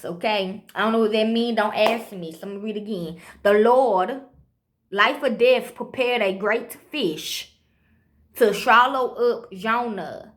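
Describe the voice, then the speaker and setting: A woman's voice: a little high, fairly bright tone. Woman reading scripture with "okay?" asides. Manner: reads slowly, then rambles fast with frequent "okay?" and swearing. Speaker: amateur preacher. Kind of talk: reading scripture with loose commentary.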